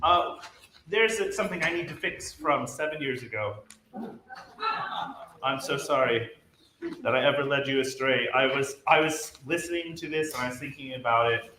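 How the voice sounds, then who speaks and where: Animated male choir director, bright voice. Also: mid-range voice, normal speed, slight background noise. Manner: animated, demonstrates phrases by speaking and singing. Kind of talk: rehearsal instruction. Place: rehearsal room. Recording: roomy echo with faint ambience.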